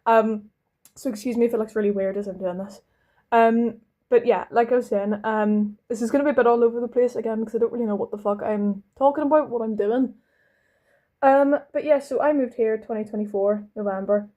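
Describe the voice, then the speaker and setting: A young woman with a Belfast lilt chats casually through a makeup routine. Her voice sits a little high but sounds mellow and soft. She rambles, cuts herself off and drops the odd swear. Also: fairly even intonation, fairly quick. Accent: Northern Irish, Belfast. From London. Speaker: vlogger. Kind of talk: casual chat while doing makeup.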